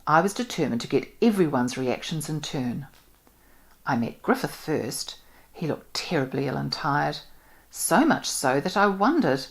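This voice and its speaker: Nz woman reading a novel out loud, low voice, lots of ups and downs. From New Zealand. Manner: expressive, measured. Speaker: audiobook reader.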